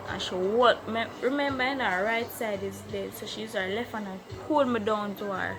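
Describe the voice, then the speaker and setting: A woman telling a personal story on her vlog, speaking in a slow, halting, emotional way. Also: a little high, noisy background. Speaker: vlogger.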